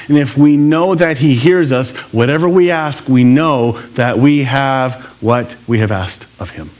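A man preaching a sermon to a church congregation, conversational and animated, with jokey asides. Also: mid-range voice. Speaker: pastor.

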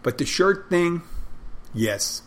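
A man's voice: fairly high pitch, expressive, slow pace, a bit bright, slight background noise. A man who works as a restaurant server and bartender, talking casually about how he deals with customers and acting out how he greets them. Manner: conversational, acts out his own greetings to customers. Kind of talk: casual storytelling monologue.

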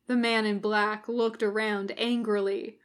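A woman narrating a fan audiobook in a measured, wry way. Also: medium pitch, level tone.

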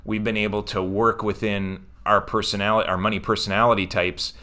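A man co-hosts a podcast in casual chat. His voice sits somewhat low, with a bright, forceful edge. He speaks earnestly and gives advice to listeners. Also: little pitch movement, a little fast. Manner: earnest, advising, cautious. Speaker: podcast co-host.

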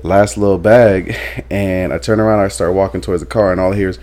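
A man telling a story in a casual chat, slangy and excited, laughing as he goes. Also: low voice, brisk.

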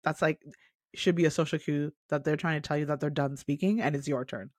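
A podcast co-host chats casually, laughing often and swearing with ease. Her voice is low, darkish and steady with a breathy edge, a little fast, and recorded dry with clean studio sound.

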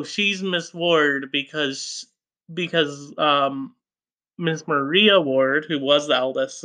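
A man's voice: on the high side, pushed and bright. A man hosting a podcast, reading a classic novel aloud with casual, hesitant asides, fillers and self-corrections. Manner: hesitant, self-correcting, many fillers and laughs at own slips.

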